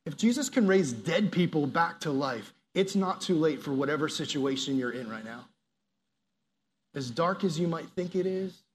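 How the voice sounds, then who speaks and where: Animated male youth pastor preaching. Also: on the high side. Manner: animated, acts out quoted prayers, drops to soft earnest appeals. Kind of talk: sermon.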